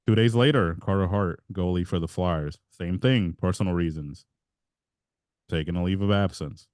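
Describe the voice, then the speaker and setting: Chatting casually on a podcast he co-hosts, a man spins a meandering story, breaking off his own sentences and laughing as he goes. He sits low with a darkish tone at a normal pace, recorded in studio quality with no echo.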